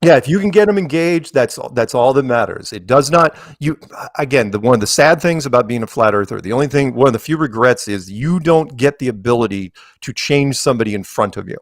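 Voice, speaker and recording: Animated American man telling stories. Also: mid-range voice, brisk, no room sound, clean studio sound. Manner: animated storyteller, acts out quoted voices. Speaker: interview guest. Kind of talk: casual podcast interview.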